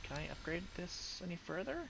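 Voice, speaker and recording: Man, gameplay commentary, thinking aloud, gravelly voice, lively pitch. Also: fairly quick, noisy background. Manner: thinking aloud, muttering over menus. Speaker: gaming YouTuber.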